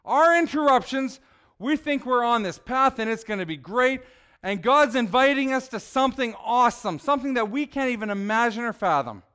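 Chatty preacher man with a high, smooth voice. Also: expressive, normal speed, sharp tone. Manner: conversational, asks the audience questions, acts out people. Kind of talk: casual sermon.

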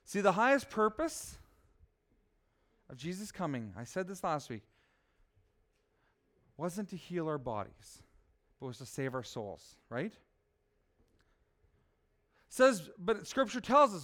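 A man preaching a sermon as pastor, asking his listeners rhetorical questions and swinging from soft to loud. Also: sits high, very animated, takes it slowly, pauses often.

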